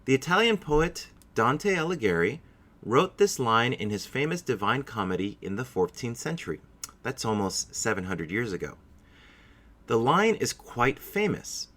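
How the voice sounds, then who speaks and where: A man teaching English vocabulary in a clear, deliberate, encouraging way. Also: mid-range voice, very animated, a bit bright. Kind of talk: scripted vocabulary lesson.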